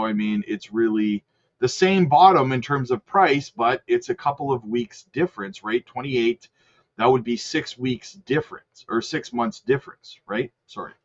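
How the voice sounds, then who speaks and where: A man's voice: mid-range voice, muffled recording. A man hosting a crypto video channel, talking loosely through a chart with lots of fillers and self-corrections. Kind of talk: casual screen-share commentary.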